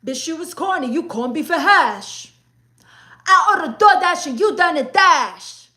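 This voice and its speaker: A woman from New York doing an impression of a brash female rapper, rhyming loud boasts in a changed voice. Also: very high voice, expressive, unhurried, echoey room, pitched above the performer's own voice, heavily acted. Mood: boastful.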